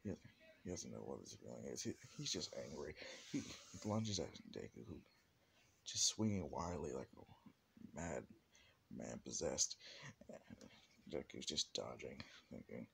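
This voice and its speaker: A man's voice: extremely low pitch, expressive, a little slow, gravelly, pauses often, a bit bright, slightly rough. A man casually narrating an improvised fan story in a loose, rambling way.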